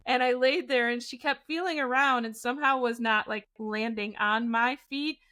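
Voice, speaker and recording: A woman in her forties, a podcast co-host, telling a scary personal story in a casual, animated way, often laughing. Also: on the high side, moderate pace.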